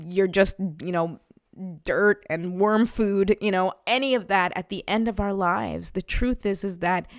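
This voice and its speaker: A woman's voice: mid-range voice, dry recording, clean studio sound. A woman in her forties giving a spiritual oracle card reading on a live stream, earnest and chatty with many fillers. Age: 40s.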